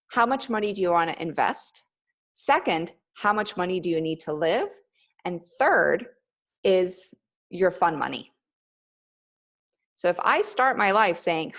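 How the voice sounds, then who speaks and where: A middle-aged woman running a coaching webinar over a video call, upbeat and pep-talking, often breaking into laughter. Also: lowish voice. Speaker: business coach for yoga teachers.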